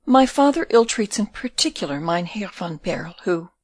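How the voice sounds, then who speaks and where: Lady reading a timid but proud young girl, bit husky, dry recording. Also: medium pitch, lively intonation, normal speed, no echo, close to an everyday voice. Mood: earnest. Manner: timid yet proud, truthful. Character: shy, earnest young woman of eighteen. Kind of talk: audiobook character reading.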